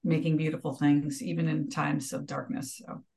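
A woman in her fifties speaks as a podcast guest, thoughtful and unhurried. Her voice is very low for a woman. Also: level tone, vocal fry, a little mellow. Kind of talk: casual podcast chat.

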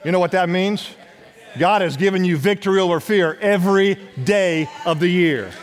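A man preaching a sermon as pastor, urging his congregation to respond and dropping at times to a hush. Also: sits high, moderate pace, soft background music. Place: church sanctuary. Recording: long church hall reverb.

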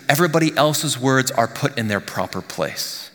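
Bright-voiced man preaching in a reverberant church. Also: medium pitch, animated, normal speed. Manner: conversational preaching, drops to near whisper on key lines. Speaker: pastor. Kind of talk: sermon. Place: church sanctuary.

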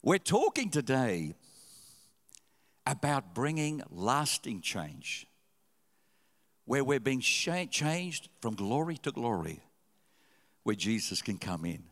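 A male pastor preaching a sermon, telling stories with sudden loud, animated rises. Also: mid-range voice, slow, pauses often. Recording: long hall reverb.

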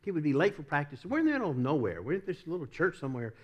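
A middle-aged man preaching a sermon, telling a personal story with lots of laughs, often repeating himself and rising from quiet asides to loud emphatic peaks. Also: on the high side, very animated, rapid-fire, dull audio. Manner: repeats and restarts words. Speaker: pastor.

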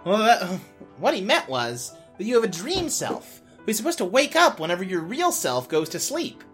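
A woman's voice: mid-range voice, very animated, normal speed, faint music behind, pitched above the performer's own voice, natural voice. A woman voicing a cheerful, friendly young girl who explains things kindly.

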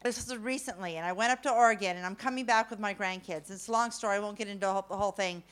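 A middle-aged woman telling a funny personal story to an audience, animated and self-mocking, swinging from loud to hushed. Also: mid-range voice, rapid-fire.

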